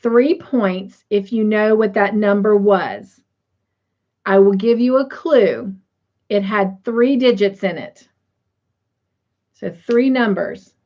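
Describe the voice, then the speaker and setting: A woman hosts a casual livestream at a slow pace with long pauses, her voice medium in pitch. Chatty and saying "y'all," she reads viewer comments aloud and tallies quiz scores, and the stream audio is slightly dull and lo-fi.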